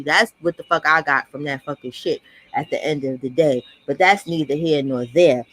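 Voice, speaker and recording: Her voice is deep yet fairly bright as this woman, a commentary vlogger, fires off a fast, profane, blunt reaction rant. The recording is close and dry.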